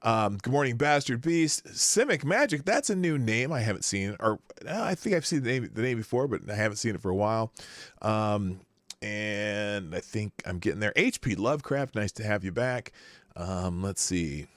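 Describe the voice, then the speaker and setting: A man's voice: fairly low pitch, lively intonation, normal speed, no room sound, clean studio sound. A man hosting a live morning stream, casually greeting chatters by name with rambling asides and self-corrections. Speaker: live show host. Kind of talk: casual live-stream chat, reading viewer names.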